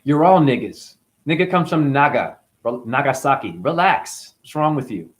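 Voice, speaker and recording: A man's voice: mid-range voice, animated, moderate pace. A man hosting his own channel, delivering a combative, mocking, profane rant to camera. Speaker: channel host. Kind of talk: profane ranting monologue to camera.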